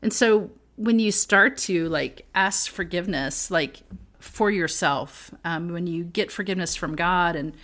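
Low-voiced woman sharing faith stories. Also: a little slow, a bit bright. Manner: earnest, storytelling, laughs often. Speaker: podcast co-host. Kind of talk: casual faith chat.

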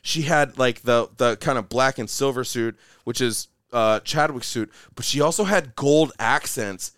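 A man's voice: mid-range voice, unhurried, a bit bright, smooth, dry recording, clean studio sound. A young man hosting a podcast, talking casually and animatedly, swearing and saying "like" and "dude" a lot. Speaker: podcast host. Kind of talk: casual chat.

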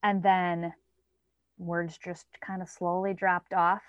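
A woman in her thirties, a parent guest, chats casually about her child, often acting out quoted lines in a raised, lifted voice. Her voice sits on the low side with little pitch movement, and she takes her time. The recording is dry and slightly dull, with no echo.

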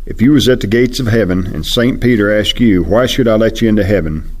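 Fast, insistent low-voiced preacher. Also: male voice. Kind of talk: evangelistic sermon.

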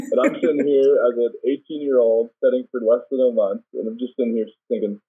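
A man in his twenties, a volleyball player, telling a story in a relaxed interview and laughing often. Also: mid-range voice, normal speed, slightly rough. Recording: tinny phone-like call audio.

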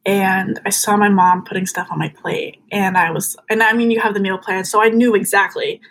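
A woman's voice: medium pitch, steady tone, normal speed, a bit bright, slight background noise, low-quality recording. A young woman as a podcast guest, telling a personal story in an earnest, chatty way, full of fillers.

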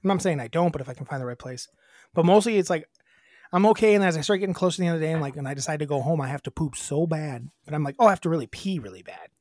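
A woman's voice: sits low, racing, mellow, no echo. A woman co-hosting a podcast, chatting casually and telling crude, rambling stories where she acts out her own lines. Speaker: podcast co-host. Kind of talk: casual chat.

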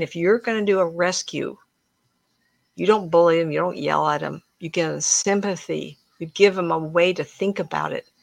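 Middle-aged woman, spiritual talk host; low, gravelly, dry-miked; chatty and emphatic storyteller. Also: dry recording. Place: room at home with plants.

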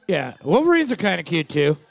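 A man co-hosting a quiz show who cracks jokes, swears, and tells deadpan tall tales. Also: fairly high pitch, fairly quick, gravelly. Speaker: co-host. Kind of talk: casual comedic banter.

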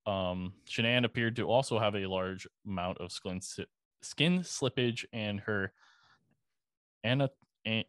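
A man's voice: medium pitch, dry recording. A man hosting a podcast, casually narrating a case with frequent swearing and dry sarcasm. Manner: conversational, sprinkled with profanity and dry sarcasm. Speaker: podcast host. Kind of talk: casual true-crime narration.

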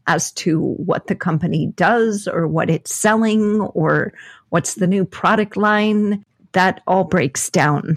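Slow, low-voiced woman podcast host. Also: no echo, clean studio sound. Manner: unhurried, thinks aloud with many fillers. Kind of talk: casual podcast chat.

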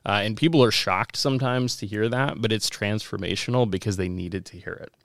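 A man with a low-pitched voice co-hosts a podcast and chats in a casual, upbeat way. His voice is recorded dry and close to the mic. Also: a little fast, no room sound. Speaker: podcast co-host.

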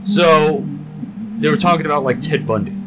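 A young man co-hosting a podcast, casually telling a long story and acting out the quotes in higher voices. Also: moderate pace, background noise. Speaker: podcast co-host. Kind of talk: casual chat.

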